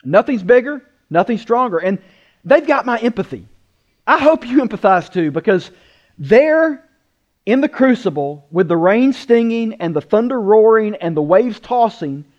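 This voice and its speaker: A man preaching a sermon, emphatic, asking rhetorical questions and slowing down to stress words. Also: sits high, very animated, highs cut off. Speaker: pastor.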